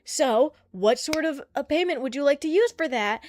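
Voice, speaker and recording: A woman streaming casually as she reacts to a trailer, excitable and rambling, with frequent swearing. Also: on the high side, a little fast, hardly any pauses, dry recording, studio quality.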